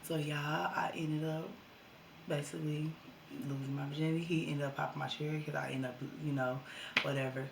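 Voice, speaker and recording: A young woman telling a casual storytime vlog to her viewers, animated and slangy. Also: low-pitched, brisk, creaky, reverberant, a little hiss or hum.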